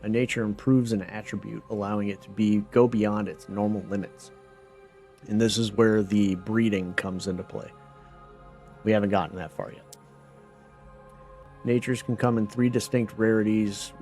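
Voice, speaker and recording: Low-voiced man streaming a game. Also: warm tone. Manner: thinks aloud, reads menus, trails off in asides. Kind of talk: casual gameplay commentary.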